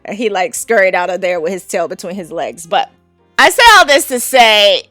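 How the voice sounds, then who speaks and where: A woman's voice: mid-range voice, expressive, moderate pace, pushed and bright, dry recording. Woman podcast host, 30s, candid storyteller, dry mic with faint music. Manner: candid, frank, laughs often. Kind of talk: casual storytelling.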